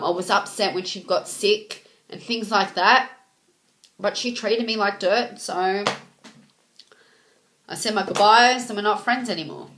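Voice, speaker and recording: A woman's voice: medium pitch, fairly bright tone, slight background noise. A young woman telling a rambling story to camera, full of ums and reported speech. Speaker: vlogger. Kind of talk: casual storytime vlog.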